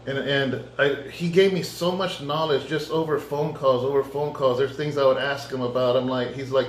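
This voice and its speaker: A man, a pastor, giving a conversational sermon testimony and acting out his own dialogue in lively storytelling. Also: medium pitch, normal speed, hardly any pauses, slight background noise. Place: church. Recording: echoey room.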